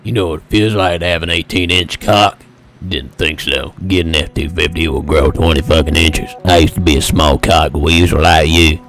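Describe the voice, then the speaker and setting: Swaggering truck-ad announcer, rumbling extremely low voice, crude boasting pitch. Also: male voice, fairly even intonation, normal speed, fairly bright tone, soft background music. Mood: boastful.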